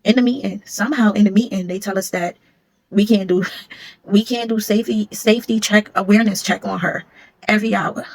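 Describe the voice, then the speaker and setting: A woman tells a story in a casual, blunt way, leaning hard on key points. Her voice is husky and mid-pitched. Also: steady tone, a little fast, poor audio. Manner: blunt, emphatic, conversational.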